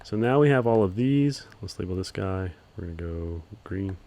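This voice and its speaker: Low-voiced, monotone man teaching software. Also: normal speed. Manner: calls his own voice monotone, relaxed, many ums. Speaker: video editing instructor. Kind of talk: screen-recorded software tutorial.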